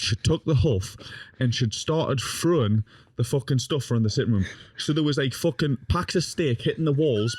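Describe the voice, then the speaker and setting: A man's voice: medium pitch, darkish tone, a little hiss or hum. A young man telling a rowdy story in casual podcast chat, swearing constantly and laughing as he goes. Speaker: podcast guest.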